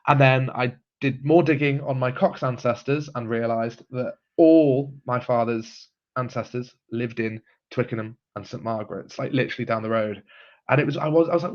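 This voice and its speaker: The host of a live genealogy stream, a man speaking at medium pitch and moderate pace, casually reads through viewer comments. Ums and chuckles come often, and the lo-fi recording sounds slightly muffled.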